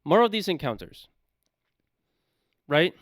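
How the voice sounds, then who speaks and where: A man from the United States reacts to a video in loud, casual commentary, cursing freely. His voice is higher than most men's and swings widely in pitch. The sound is dry and close. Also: slow pace, no room sound. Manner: loud, animated, swearing freely.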